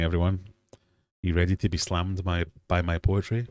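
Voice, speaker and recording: A Scottish man in his forties runs a casual livestream quiz from home. His voice sits low, and he teases his viewers with playful, self-deprecating banter. The sound is close and dry, with no room echo. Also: normal speed, darkish tone. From Scotland. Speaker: livestream host.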